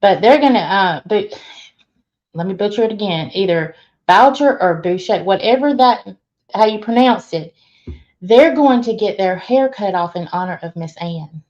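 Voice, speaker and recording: A woman's voice: medium pitch, animated, moderate pace, a little mellow. A woman hosting a casual live stream, greeting viewers one by one and laughing often. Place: laundry room. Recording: dull lo-fi stream audio.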